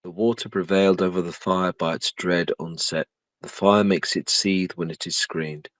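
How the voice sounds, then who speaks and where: A man giving an even, formal scripted reading of a verse translation. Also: low-pitched, moderate pace, no room sound, low-quality recording. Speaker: reader.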